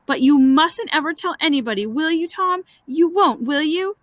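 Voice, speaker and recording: A woman's voice: high-pitched, normal speed, no echo, voice pushed up, close to an everyday voice. A woman reading as Becky, a shy coy schoolgirl. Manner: hesitant, coy. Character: shy, touchy young schoolgirl.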